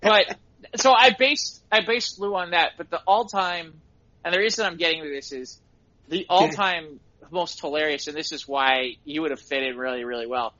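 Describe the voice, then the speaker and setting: A middle-aged man, a podcast co-host, telling excited stories in casual chat and laughing at them himself. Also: fairly high pitch, normal speed, highs cut off. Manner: excitable storyteller, laughs at his own stories.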